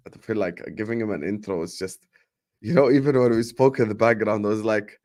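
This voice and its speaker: Lively young man hosting a football stream. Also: on the low side, moderate pace. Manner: animated, banter-heavy, lots of filler phrases. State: fasting. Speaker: football podcast host. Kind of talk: casual fan debate livestream.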